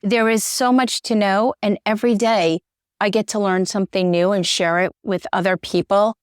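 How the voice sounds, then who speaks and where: A woman's voice: mid-range voice, steady tone, moderate pace, clean tone, dry recording, clean studio sound. A middle-aged woman, a journalist and interview guest, talking earnestly and getting choked up. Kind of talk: conversational interview.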